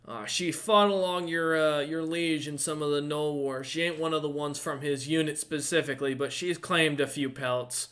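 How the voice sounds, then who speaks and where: A man's voice: a little high, animated, fairly quick, few pauses, pitched above the performer's own voice. A man voicing a drunk, boastful old lord who slurs his words in a tabletop game. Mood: boisterous. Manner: loud, slurring, gruff.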